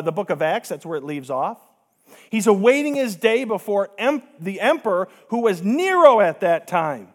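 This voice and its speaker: A man preaching a sermon, emphatic, with rhetorical questions and repetition. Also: fairly high pitch.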